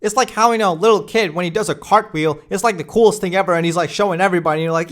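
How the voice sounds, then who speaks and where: Ranting young man, exasperated, higher voice. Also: rapid-fire, few pauses. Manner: exasperated, ranting, fillers like "you know" and "man". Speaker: wrestling reviewer. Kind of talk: casual opinionated review.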